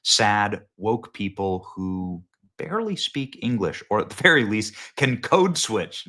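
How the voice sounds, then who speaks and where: A man's voice: deep voice, pushed and bright. A male host giving sarcastic, mocking political commentary in a casual style.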